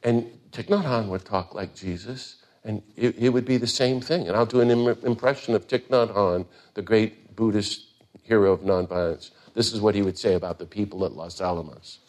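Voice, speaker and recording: An older man giving an earnest, impassioned talk, climbing to emphatic peaks and then dropping quiet. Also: lowish voice, moderate pace. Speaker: speaker on nonviolence.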